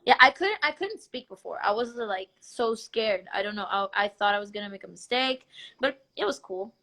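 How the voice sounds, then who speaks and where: A woman's voice: medium pitch, animated, normal speed, gravelly, bright, forceful tone. A young Brazilian woman whose first language is Portuguese, hosting a casual livestream chat in English over a video call, bubbly and giggly. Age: young adult. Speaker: livestream host.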